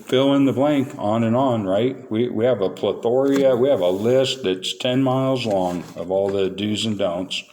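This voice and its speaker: A man's voice: lowish voice, measured pace, few pauses, a little mellow. A man speaking at a recovery meeting, telling his story candidly and with self-mocking humor.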